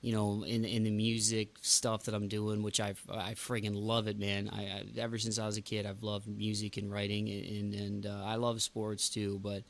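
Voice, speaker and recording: A man's voice: fairly low pitch, completely flat delivery, moderate pace, vocal fry, hardly any pauses. A man hosting a podcast in casual chat, ranting with emphatic outbursts. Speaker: podcast host.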